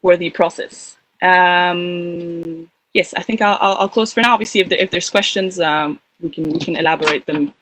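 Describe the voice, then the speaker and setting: A woman's voice: on the low side, fairly even intonation, moderate pace, a bit bright, poor audio. A woman activist speaking on a panel, rambling a little with fillers and restarts. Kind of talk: casual spoken talk on a panel.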